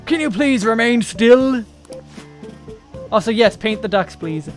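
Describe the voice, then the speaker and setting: A dreamy, self-important young painter who speaks in lofty, ornate sentences, voiced by a man reading game lines aloud. His voice sits very high, with faint music underneath. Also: animated, measured pace. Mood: grandiose. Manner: theatrical, flowery formal speech. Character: pompous young male artist, grandiose and dreamy.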